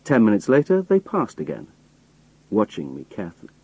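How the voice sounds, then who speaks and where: A man reading a story aloud in first person, steady and storytelling, voicing the characters. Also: fairly low pitch, brisk, breathy edge, no echo, low-quality recording. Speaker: audiobook reader.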